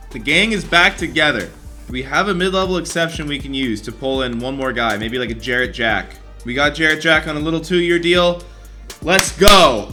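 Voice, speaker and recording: A young man talks through his basketball video game run, jumping between hype and frustration. His voice sits a bit high with a bright, forward edge. Soft music plays faintly underneath. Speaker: gaming YouTuber.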